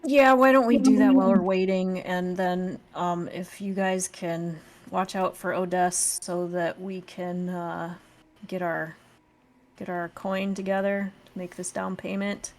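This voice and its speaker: Low gravelly woman, kinda flat, easygoing tabletop player talking it through. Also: unhurried, a little hiss or hum. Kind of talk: casual in-character play.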